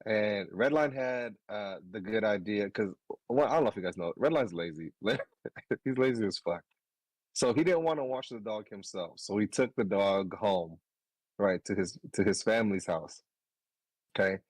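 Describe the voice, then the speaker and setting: A man in his thirties, a podcast co-host, telling a story in casual chat, animated, swearing and laughing as he goes. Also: fairly low pitch, normal speed, dry recording, poor audio.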